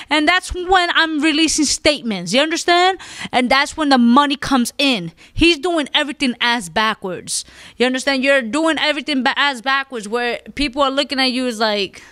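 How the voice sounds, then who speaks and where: A woman podcast host ranting with emphatic, profane opinions in loose, casual chat. Her voice sits on the higher side and sounds close and dry, with no room around it. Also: sharp tone, dry recording. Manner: emphatic, profane, repeats "you understand?".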